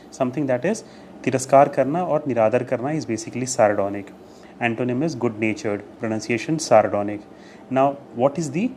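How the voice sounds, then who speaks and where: A man's voice: mid-range voice, a little mellow. Man teaching vocabulary, slight background hiss. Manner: explanatory, repeats key phrases, occasional Hindi glosses. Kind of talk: video vocabulary lesson.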